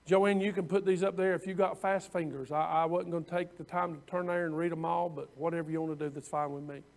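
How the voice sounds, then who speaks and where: A man's voice: a little high, steady tone, fast talker, vocal fry. A middle-aged man preaching a sermon as pastor, folksy and conversational, repeating his phrases as he goes.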